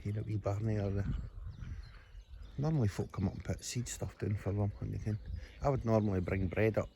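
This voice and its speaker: Walking beside a reservoir, a Scottish vlogger narrates casually into a handheld camera, rambling and calling out to his dog as birds and other outdoor sounds play behind him. His voice is fairly low and steady, brisk, creaky and mellow, with slight background noise.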